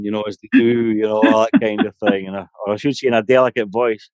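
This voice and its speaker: A man's voice: on the low side, fairly even intonation, quick pace, hardly any pauses, a little mellow, no room sound, dull audio. A middle-aged Scottish man, a guest on a podcast, telling a long personal story in a rambling, anecdotal way full of "you know". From Scotland.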